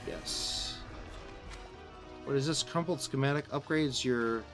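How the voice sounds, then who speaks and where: This is a Midwestern American man talking casually on a live gaming stream, wandering from thought to thought and often restarting his sentences. His pitch sits in a middle range for a man. Faint game music plays underneath him. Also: slow. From Southern Illinois, USA. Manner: rambling, answers chat, restarts sentences often.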